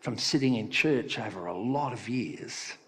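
A man's voice: expressive, unhurried, a little hiss or hum. A man preaching a sermon in a conversational storytelling manner, with echoey hall reverb. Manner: conversational storytelling, sometimes soft and low.

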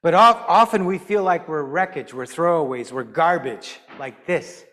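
A man giving an animated, folksy church teaching and asking the congregation questions. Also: a little high, moderate pace, big-room sound. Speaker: lay preacher. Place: church sanctuary.

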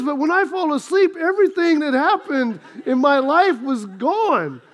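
A middle-aged man with a very high voice preaches a sermon. He talks in a chatty, self-deprecating way and slips into a humorous personal story. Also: lively intonation, normal speed, hardly any pauses, fairly bright tone. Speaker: pastor.

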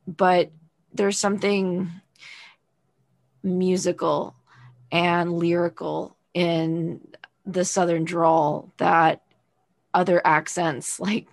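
A woman host from the US South speaks slowly, with a gravelly low voice. Her delivery is earnest and thoughtful, and the recording is dry and close. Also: little pitch movement, dry recording. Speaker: podcast host. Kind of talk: casual interview chat.

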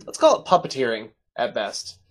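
A man's voice: mid-range voice, huge pitch swings, normal speed. A man running a tabletop game as game master, narrating playfully and laughing at his own twists.

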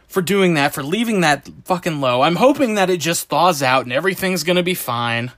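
A man's voice: on the high side, fairly quick, hardly any pauses. A man telling a comic story of a bad day as a ranting monologue, swearing nonstop and sounding exasperated. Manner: profane, exasperated, animated storytelling.

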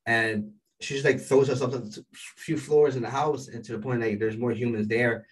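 A man recaps an episode in a loose, rambling way, piling on fillers and bursting into excited reactions. He sits a little away from the microphone, so his voice sounds slightly distant. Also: medium pitch, moderate pace. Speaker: anime episode reviewer.

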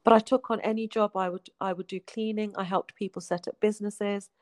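A woman, a guest telling her life story in a heartfelt way, often falling to a soft hush. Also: medium pitch, steady tone, brisk, no echo. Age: 40s. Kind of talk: emotional personal storytelling.

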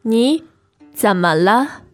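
A woman co-hosting a language lesson podcast, laughing easily and modeling phrases slowly and carefully. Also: on the high side, expressive, faint music behind. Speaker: co-host and language teacher. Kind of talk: casual teaching chat with slow model phrases. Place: studio in China.

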